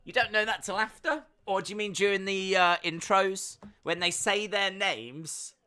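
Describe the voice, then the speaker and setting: A man's voice: sits high, normal speed, pushed and bright, smooth. A man hosting a fight-night watch-along stream, chatting casually, reading chat messages and making jokey asides.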